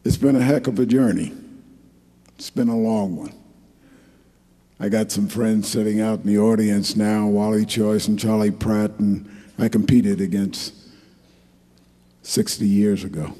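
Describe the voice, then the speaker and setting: A man's voice: fairly low pitch, fairly even intonation, unhurried, long pauses, warm tone, breathy edge. An older man from New Jersey giving a folksy, rambling, joking acceptance speech at an awards ceremony in a large hall. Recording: echoey hall.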